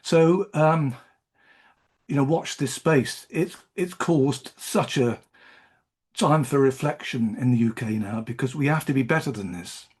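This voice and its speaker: A man speaking on a video call, emotional and halting, with frequent pauses and ums. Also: mid-range voice, darkish tone, slightly rough. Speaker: book group member. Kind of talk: emotional group discussion.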